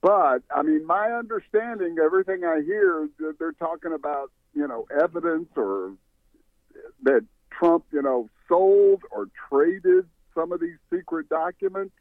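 A man's voice: fairly high pitch, sing-song, a little slow, creaky, dry recording. A man calling into a talk show by phone, chatty and a little hesitant. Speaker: caller. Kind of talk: call-in question. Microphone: telephone. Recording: tinny phone line.

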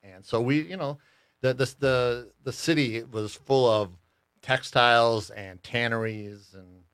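Easygoing middle-aged man, halting speech. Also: mid-range voice, fairly bright tone, smooth, no room sound, studio quality. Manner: easygoing, halting, many fillers and restarts. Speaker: studio guest, knitwear business owner. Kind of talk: radio interview conversation. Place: radio studio. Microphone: studio microphone.

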